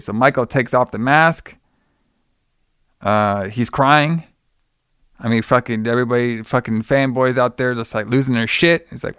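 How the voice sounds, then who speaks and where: Brief: male podcast co-host, smooth and dry-miked, loose and profane, filler-heavy. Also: medium pitch, normal speed, fairly bright tone, no echo. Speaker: podcast co-host recapping a film. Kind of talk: casual chat.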